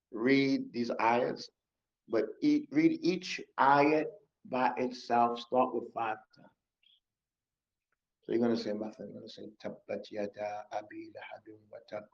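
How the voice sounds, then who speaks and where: A man giving a mosque lesson on memorizing scripture, coaching and repeating himself, slipping in Arabic words. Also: medium pitch. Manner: repetitive, coaching, drops in Arabic words and recitation. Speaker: Quran teacher. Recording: muffled lo-fi recording.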